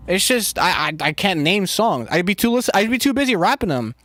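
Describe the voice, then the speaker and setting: A man's voice: high-pitched, big pitch swings, fairly quick, a bit bright, no room sound. A man streaming casually and rambling to his chat, loose and profane, with lots of filler words. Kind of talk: casual chat, answering live chat.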